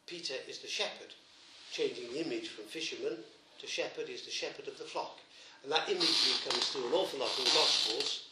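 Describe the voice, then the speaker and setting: A man's voice: medium pitch, brisk, hardly any pauses, a little hiss or hum. Man preaching in an echoey church. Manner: gentle storytelling, emphatic repetitions. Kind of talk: sermon.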